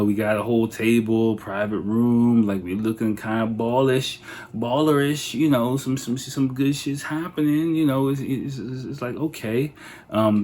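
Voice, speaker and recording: A man's voice: lowish voice, a little mellow. A man hosting a podcast, telling a rambling story in a casual, profane, laid-back way. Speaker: podcast host.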